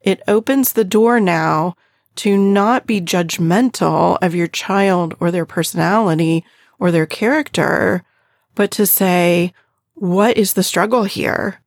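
A middle-aged woman talking gently and earnestly about parenting, often checking in with the listener by asking "right?". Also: on the low side, takes it slowly, no echo, studio quality. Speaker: parenting podcast host. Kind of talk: reflective parenting talk.

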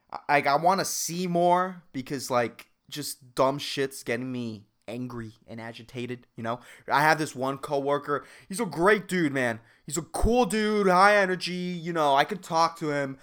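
A man's voice: on the high side, normal speed, fairly bright tone, smooth. A man hosting a podcast, delivering a profane, exasperated comedic rant. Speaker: podcast host.

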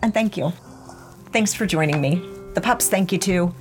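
Brief: middle-aged woman host, gentle reflective storyteller on an outdoor walk. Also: fairly low pitch, normal speed, music in the background. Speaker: podcast host. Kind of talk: walking podcast monologue. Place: outdoors on a ranch trail.

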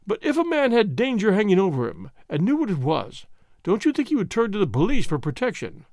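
A man reads as a stern police inspector, pitched noticeably higher than the narration and pressing each question with formal insistence. The voice rises and falls with lively emphasis, and the recording is close and dry, with no room sound. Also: a little fast, no echo, heavily acted. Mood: probing. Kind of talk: audiobook reading.

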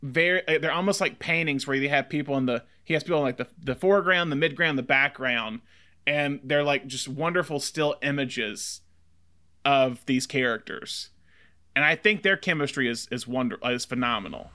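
A man's voice: mid-range voice, normal speed, bright, forceful tone. A man co-hosting a casual film podcast, talking enthusiastically in long rambling stretches full of fillers. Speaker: podcast co-host.

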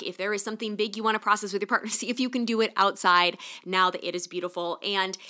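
A woman's voice: a little high, sharp tone. A middle-aged woman hosting a solo podcast, chatty and enthusiastic, getting emotional at times. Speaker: podcast host.

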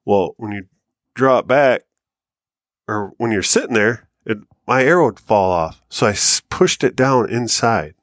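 Animated american man telling a hunting story. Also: unhurried, no echo, clean studio sound. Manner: animated storyteller, rises high and loud when acting out quotes. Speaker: podcast co-host. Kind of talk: casual storytelling chat.

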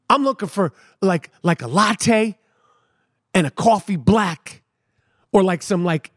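A man's voice: sits high, no echo, studio quality. A middle-aged man, hosting a podcast and telling a comic story with emphatic repetition and street slang. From New York City. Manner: animated, emphatic, repeats words for effect, street slang. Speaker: podcast host. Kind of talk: comedic storytelling monologue.

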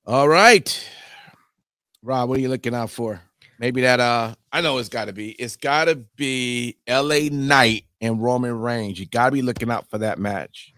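A man's voice: medium pitch, unhurried, pushed and bright, no echo, clean studio sound. Laid-back male podcast host. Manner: laid-back, asks questions, laughs along. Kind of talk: casual wrestling talk.

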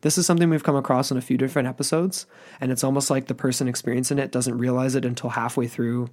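A man with a mid-pitched voice co-hosts a casual podcast. He retells a strange story in a relaxed, conversational way. He reads quoted accounts aloud and breaks in with chatty comments. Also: quick pace. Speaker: podcast co-host.

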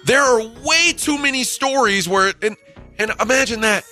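A man co-hosting a sports radio show, joking and ranting in animated casual banter. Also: very high-pitched, moderate pace, faint music behind. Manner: animated, mocking, jumps between ideas.

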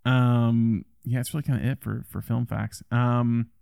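A man's voice: medium pitch, flat delivery, measured pace, creaky, darkish tone, smooth, dry recording, studio quality. A man co-hosting a film podcast, talking casually and rambling with restarts. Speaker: podcast host.

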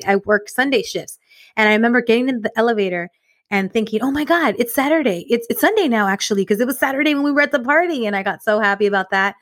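A woman, co-hosting a podcast and telling a personal story in casual chat, animated and acting out the voices she quotes. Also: mid-range voice, no room sound, clean studio sound. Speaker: podcast co-host.

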